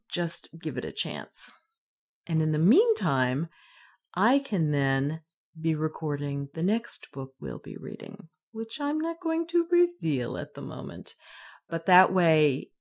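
A woman hosting a reading podcast, giving a chatty, relaxed introduction. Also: deep voice. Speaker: podcast host. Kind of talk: casual introduction.

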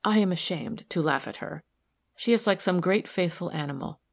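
A woman reading the part of a tired, gentle wealthy wife in a soft, weary voice. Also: fairly low pitch, moderate pace, gravelly. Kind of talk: audiobook character reading.

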